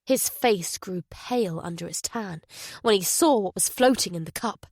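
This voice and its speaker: A woman reading a suspense audiobook with measured, even narration. Her mid-range voice sits dry and close to the mic with no room sound. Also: mid-range voice, no echo. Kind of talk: scripted narration.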